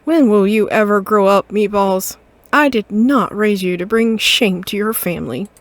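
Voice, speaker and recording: A woman voicing a bossy, loud mother cat who scolds her grown son in a game. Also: lowish voice, very animated, very slow, no echo, heavily acted. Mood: scolding. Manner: shouting, scolding, indignant. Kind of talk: game voice acting.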